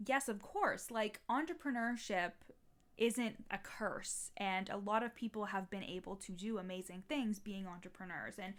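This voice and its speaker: A woman's voice: medium pitch, normal speed. A young adult woman, a life coach and podcast host, talking casually and encouragingly to listeners, with lots of "like" fillers and the odd swear word.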